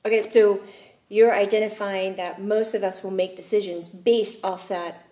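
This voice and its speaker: A woman's voice: medium pitch, fairly even intonation, moderate pace, dark tone. A woman hosting a talk show, asking playful, curious questions of her guest. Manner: inquisitive, playful. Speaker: host and medium. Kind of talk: casual chat.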